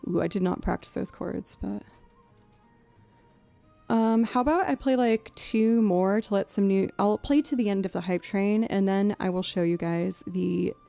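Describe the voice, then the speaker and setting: Boston-accented lady in her 30s rambling to her stream chat, mellow voice, bit of music behind. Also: mid-range voice, measured pace, creaky. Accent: Boston with a creeping Southern twang. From New England, outside Boston. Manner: chatty, rambling, many fillers, thanks viewers. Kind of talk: casual live-stream chat.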